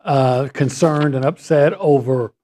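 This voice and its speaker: A man's voice: mid-range voice, a little slow, dark tone. A man who works as a sports columnist, talking sports casually in an easygoing way.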